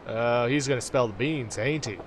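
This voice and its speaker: A man's voice: mid-range voice, normal speed, slight background noise. Wry man commenting on a game. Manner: wry, joking asides. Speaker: let's play host. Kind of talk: gameplay commentary.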